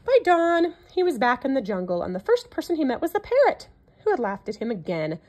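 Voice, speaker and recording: A woman reading a classic children's picture book aloud in an expressive storytelling manner. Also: high voice, a little fast.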